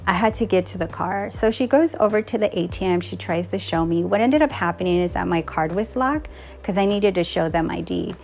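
Gravelly woman telling a story. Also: medium pitch, a little fast, soft background music. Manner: animated retelling, quotes others in dialogue, laughs now and then. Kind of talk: casual storytelling.

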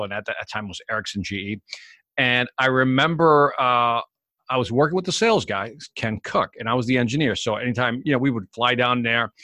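Man, interview guest, quick and animated storyteller, dry close mic. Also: mid-range voice, no echo. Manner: animated storyteller, acts out the people in his stories. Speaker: guest, sales expert.

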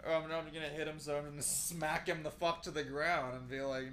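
A man's voice: on the high side, quick pace, a bit bright, a little hiss or hum. A man co-hosting a podcast in a loose, rambling casual chat, swearing freely. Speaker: podcast co-host.

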